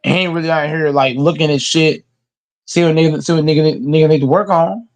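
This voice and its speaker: A man's voice: on the high side, fairly even intonation, brisk. A man hosting a casual sports reaction show, ranting emphatically and with heavy profanity. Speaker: host reacting to football news.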